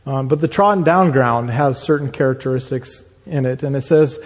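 A man's voice: medium pitch, normal speed, few pauses. A man preaching a sermon and explaining Scripture, teaching with many fillers and restarts. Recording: long reverb in a hall.

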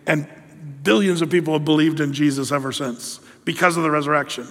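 A man's voice: on the high side, brisk, a bit bright. A man preaching a sermon as pastor, rambling with many fillers and restarts. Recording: long reverb of a hall.

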